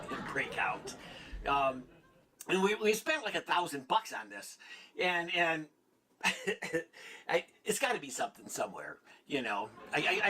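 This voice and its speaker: A man with a slightly high, sharp-toned voice performs a stand-up set, rambling, mocking himself and laughing at his own jokes. The live club audience and ambient noise are audible.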